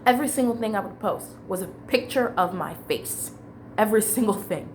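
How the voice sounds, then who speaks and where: Woman, casual storytime vlog, rambling, restarts, average pitch, faint noise. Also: animated, brisk. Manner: rambling, full of fillers, restarts and laughs.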